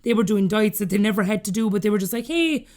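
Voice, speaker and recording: Fast-talking Irish woman telling stories. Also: medium pitch, fairly even intonation, a little mellow. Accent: Irish, Cork. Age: 30s. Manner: chatty, laughing often while telling stories. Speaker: podcast guest. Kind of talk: casual storytelling interview.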